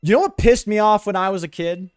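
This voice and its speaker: A man's voice: high-pitched, fast, clean tone, dry recording, clean studio sound, soft background music. A young man streaming a game, rambling sarcastically with his chat in slangy, offhand talk. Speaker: gaming streamer. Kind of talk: casual let's-play commentary with chat.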